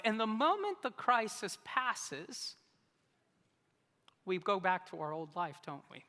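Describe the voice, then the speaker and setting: Bright, lively-voiced pastor preaching. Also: male voice, high voice, takes it slowly. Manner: animated, humorous storytelling. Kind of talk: sermon. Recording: long reverb of a large hall.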